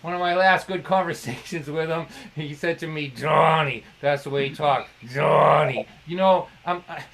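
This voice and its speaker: A middle-aged man, telling a comic story on a livestream. His voice sits fairly high for a man. He talks in a chatty, self-deprecating way. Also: steady tone, fairly quick, hardly any pauses, a bit bright. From Lynn, Massachusetts. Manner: conversational, self-deprecating, ribbing. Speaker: storyteller performer.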